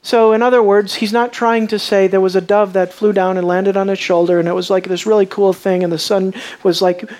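A preacher giving a sermon, asking the listeners questions, repeating words while thinking, and moving between hushed lines and raised, emphatic ones. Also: medium pitch, level tone, brisk, few pauses.

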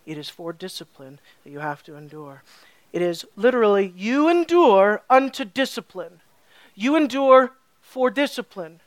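A pastor preaching a sermon emphatically, asking the listeners rhetorical questions and swinging between hushed and forceful delivery. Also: mid-range voice, expressive, normal speed, dry recording.

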